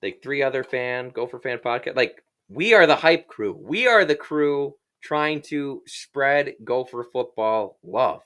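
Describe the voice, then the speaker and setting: Bright-voiced chatty podcast host. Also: male voice, mid-range voice, lively intonation, measured pace, hardly any pauses. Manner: chatty and self-deprecating, laughs often. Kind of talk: casual sports podcast chat.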